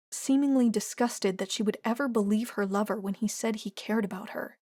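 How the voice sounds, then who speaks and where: A woman's voice: on the high side, normal speed, a little mellow, no room sound. Woman narrating an audiobook, dry sound. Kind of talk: scripted narration.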